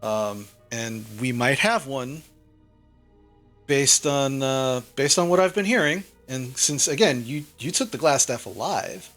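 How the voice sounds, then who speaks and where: A man's voice: mid-range voice, measured pace, fairly bright tone, soft background music, close to an everyday voice. A man voicing a blunt, businesslike retired older man who rambles with many fillers.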